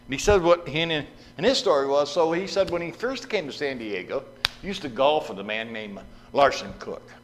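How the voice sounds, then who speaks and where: A man preaching a storytelling sermon into a microphone, animated and acting out the voices in his stories. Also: fairly high pitch, normal speed. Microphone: microphone at a lectern. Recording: reverberant hall with faint hum.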